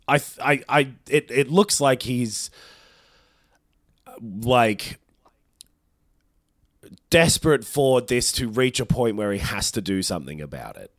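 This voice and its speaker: A man's voice: medium pitch, animated, takes it slowly, long pauses, no echo, studio quality. A man co-hosting a podcast, chatting casually, swearing freely and acting out what people say. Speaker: podcast co-host. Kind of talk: casual chat.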